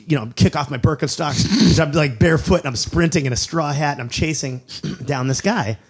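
A middle-aged man tells a comic story with a husky, breathy voice that sits a little high for a man. He is animated, restarts often, and acts out the people he describes. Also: fairly quick. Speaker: comedian, storyteller.

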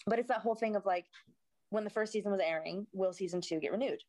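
A woman's voice: mid-range voice, fast talker, darkish tone, dry recording. A woman in her thirties from the United States, an actor, chatting casually and animatedly, swearing freely. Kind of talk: casual chat.

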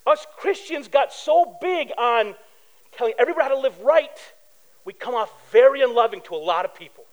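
A man's voice: very high-pitched, normal speed, poor audio. A middle-aged male pastor preaching a sermon in a casual, conversational way, telling personal stories and acting out quoted voices. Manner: animated, acts out quoted voices.

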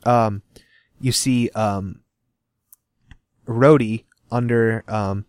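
A man's voice: on the low side, drawn-out words, clean tone, no echo. A young man chatting casually as a podcast host, recapping a comic book with energy and putting on characters' lines as he goes. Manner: animated, acts out characters' lines while recapping. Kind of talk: casual chat about comics. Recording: dry.

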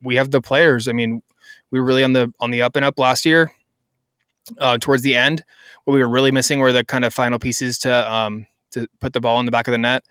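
Smooth-voiced man in chatty podcast talk. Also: medium pitch, level tone, a little fast, fairly bright tone, dry recording. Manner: chatty, enthusiastic, rambling with restarts. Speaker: podcast co-host. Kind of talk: casual chat.

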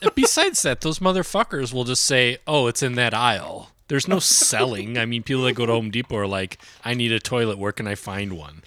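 A man's voice: medium pitch, expressive, a little fast, hardly any pauses, a bit bright. A man chatting casually with a friend, making blunt, profane remarks. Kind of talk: casual chat.

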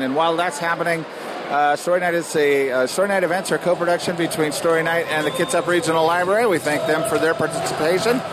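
A man hosts a podcast in a casual, easy way, calling a ballgame as he talks. His voice is fairly high. Loud game and street noise sits under his voice. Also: quick pace. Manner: relaxed, calls a ballgame as he talks. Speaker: podcast host. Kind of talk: casual host talk mixed with play-by-play.

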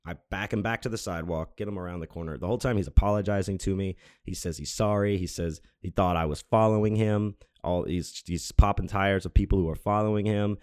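A man's voice: deep voice, brisk, hardly any pauses, darkish tone, clean tone, dry recording, studio quality. A man hosting his own show, telling a long personal story in a rambling, casual way, full of restarts and fillers and with some swearing. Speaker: podcast host.

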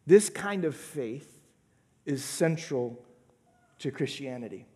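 A man preaching a sermon, swinging between loud emphatic lines and hushed, whispered asides. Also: medium pitch, animated, slow, in a large hall. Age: adult father of a young son. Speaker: pastor.

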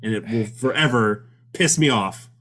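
A man's voice: medium pitch, moderate pace, a bit bright. A man co-hosting a casual movie podcast, joking, laughing often and swearing freely. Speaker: podcast co-host. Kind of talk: casual chat.

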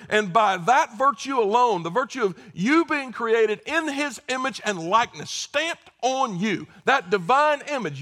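A middle-aged male pastor preaches with a fairly high, bright voice. He talks to the congregation in an emphatic, conversational way and mixes in dry humor. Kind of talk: sermon.

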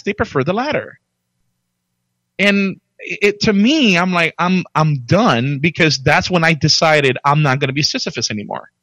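Animated man telling a work story. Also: no echo, poor audio. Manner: animated, jumps up in pitch when quoting himself. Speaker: podcast guest telling his career story. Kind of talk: casual storytelling chat.

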